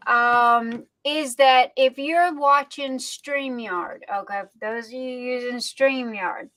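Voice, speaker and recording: A woman hosting a casual livestream, greeting viewers by name in a chatty way with lots of drawn-out fillers. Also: high-pitched, a bit bright, no room sound, rough recording. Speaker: livestream host. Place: home streaming setup.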